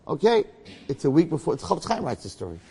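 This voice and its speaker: A man, a rabbi, telling a story in a talk in an animated way, often checking in with his listeners. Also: on the high side, quick pace, long reverb tail, background noise.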